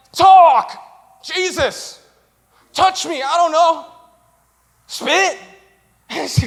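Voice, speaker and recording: A young man preaching a comedic sermon, telling stories animatedly and acting out other people's voices. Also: very high-pitched. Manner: animated storytelling with acted-out voices. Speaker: pastor. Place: church stage.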